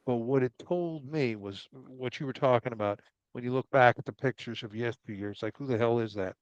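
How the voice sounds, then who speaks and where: A male podcast host who is a doctor, telling a story in a measured, reflective way. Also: mid-range voice, no echo, lo-fi sound. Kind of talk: casual storytelling chat.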